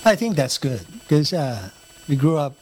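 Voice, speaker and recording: A man with a fairly high voice joins a relaxed chat, chiming in with short agreeing replies and frequent laughter. A faint background hum sits under his voice. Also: unhurried. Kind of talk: casual chat.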